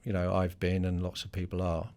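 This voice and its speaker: A middle-aged business leader being interviewed on a podcast. His voice sits very low, with a rough, gravelly edge. He talks straightforwardly, with fillers and restarts. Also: monotone, a little fast, dark tone. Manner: straightforward, conversational with many fillers.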